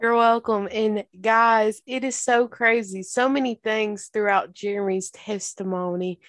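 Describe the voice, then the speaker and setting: A woman's voice: medium pitch, fairly even intonation, a little slow, dry recording. A woman with a mid-range voice closes out her podcast episode. She speaks earnestly and encouragingly to her listeners. The recording is dry and close. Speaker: podcast host. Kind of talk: casual podcast wrap-up.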